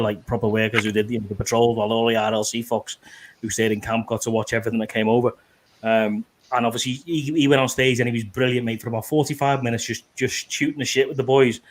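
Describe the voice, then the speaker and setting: Man, British accent, soldier, sweary, animated storyteller, casual chat. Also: mid-range voice, slight background noise. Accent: British English.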